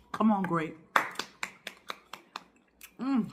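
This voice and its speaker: A woman's voice: lowish voice, a little slow, long pauses. Chatty woman eating on camera. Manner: chatty and expressive, talks through bites. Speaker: mukbang vlogger host. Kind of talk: casual chat while eating.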